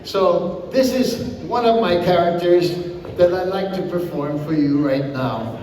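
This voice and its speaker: A man's voice: high-pitched, a little slow, a little hiss or hum. An older man from Hawaii with a Hawaiian accent, a comedian chatting and telling stories to a live audience. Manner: animated, chatty storyteller. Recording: echoey hall from far off.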